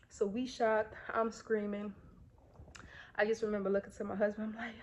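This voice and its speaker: A woman's voice: mid-range voice, flat delivery, moderate pace, a little mellow, slight background noise. A young woman vlogger, a bit out of breath, chatting casually to her viewers as she tells a personal story. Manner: chatty, many fillers, addresses viewers directly.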